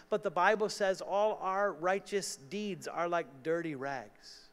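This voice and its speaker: A man's voice: high-pitched, slow. Preaching male pastor in a reverberant church. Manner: emphatic preaching, voice rises on quotations. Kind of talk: sermon. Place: church sanctuary. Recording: church sanctuary with long reverb.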